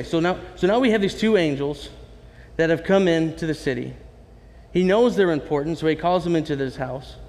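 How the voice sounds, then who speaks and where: A pastor with a voice a little high for a man delivers a sermon in a chatty, animated style, often turning to the congregation with asides. The long reverb of a large hall carries his words.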